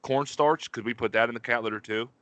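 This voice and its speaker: He talks fast in a mid-range, fairly bright voice with fairly level intonation, and the recording has no room sound. The speaker is a podcast co-host from Pittsburgh, USA, telling rambling, profane stories in a relaxed chat. He calls everyone "dude."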